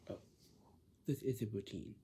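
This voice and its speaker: A man's voice: mellow, a little hiss or hum. A man in a casual spoken explanation who repeats himself, halts often and slips into whispers now and then. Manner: repetitive, halting, drifts into whispers.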